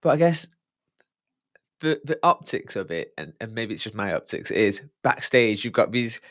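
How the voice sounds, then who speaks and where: A man's voice: fairly low pitch, sing-song, normal speed, dry recording, clean studio sound. A man hosting a podcast, asking curious questions in a hesitant, restarting way. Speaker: podcast host. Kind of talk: conversational podcast interview.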